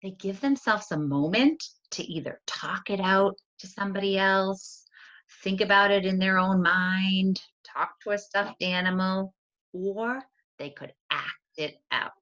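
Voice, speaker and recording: A woman teacher on a video call, telling a story in an animated storyteller voice for a writing lesson. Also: medium pitch, measured pace. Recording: dull lo-fi sound.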